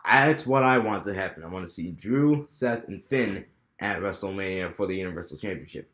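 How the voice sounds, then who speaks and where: This young man's voice sits low and is a bit bright, moving a little fast as he rambles through his fantasy wrestling booking with many restarts. He's a wrestling fan vlogger recording in an echoey room.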